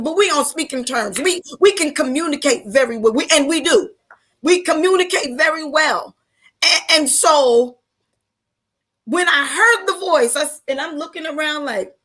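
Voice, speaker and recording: Brief: high, bright-voiced woman faith leader, preacherly testimony, emphatic repetition. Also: moderate pace. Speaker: faith leader, panel guest. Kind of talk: personal testimony turning into preaching.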